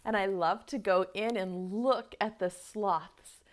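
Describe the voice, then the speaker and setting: A woman teaching an online preschool lesson to small children, speaking gently and encouragingly and singing slow children's songs. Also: medium pitch, fairly even intonation.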